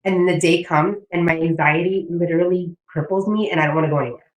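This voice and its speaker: A woman's voice: on the low side, fairly even intonation, fast talker, reverberant, low-quality recording. A woman co-hosting a podcast, speaking candidly and speeding up as she tells stories. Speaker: podcast co-host. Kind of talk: casual chat.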